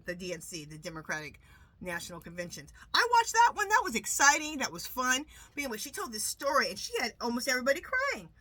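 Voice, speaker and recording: A woman hosting her own tarot channel in a casual, rambling vlog chat, full of quick asides. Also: medium pitch, pushed and bright. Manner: asks a pendulum questions, repeating "clear". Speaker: tarot reader and channel host.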